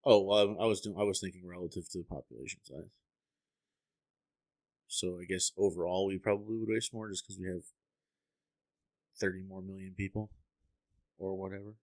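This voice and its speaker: A man's voice: sits low, steady tone, fairly quick, pauses often, darkish tone, no echo. A young man co-hosting a casual podcast, telling stories animatedly, swearing and acting out the people he quotes. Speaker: podcast co-host. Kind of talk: casual chat.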